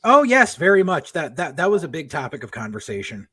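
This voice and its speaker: Man, middle-aged, podcast co-host, rambling profane storyteller, slightly high voice, dry close sound. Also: sing-song, brisk, bright, forceful tone, no room sound. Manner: rambling, profane, laughs at own stories. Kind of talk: casual storytelling chat.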